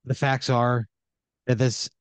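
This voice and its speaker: A man's voice: medium pitch, little pitch movement, slow pace, dry recording, pitched above the performer's own voice, close to an everyday voice. A man voicing a prim, stubborn woman neighbor who is curt and coolly polite. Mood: stern.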